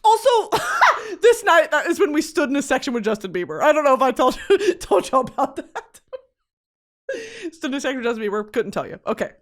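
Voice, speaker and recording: Animated Texan woman telling a story. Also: sits high, fast. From Texas. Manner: animated, profane, laughs often. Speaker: podcast host. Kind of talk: comedic storytelling.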